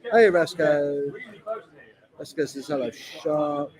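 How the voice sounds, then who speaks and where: Speaking slowly in a fairly high, fairly even voice, this Hertfordshire man with a London accent runs a live beer vlog from a crowded taproom. He reads the chat out loud and repeats lines in a chatty way, while bar crowd noise fills the low-quality audio.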